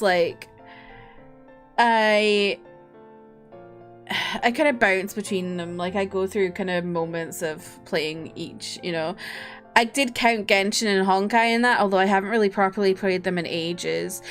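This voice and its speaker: A tired young woman streamer chatting casually and rambling, often breaking into laughs. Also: mid-range voice.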